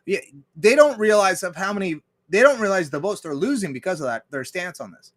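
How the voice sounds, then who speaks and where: A man's voice: high voice, lively intonation, a little fast, a bit bright. Profane man ranting. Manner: profane, blunt and argumentative; reads viewer chat aloud. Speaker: livestream host. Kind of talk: casual ranting commentary.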